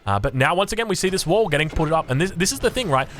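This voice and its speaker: Fast-talking Australian game caster. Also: male voice, fairly high pitch, a little hiss or hum. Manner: excitable, rambling, with chatty asides. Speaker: game commentator. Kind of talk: casual live strategy game commentary.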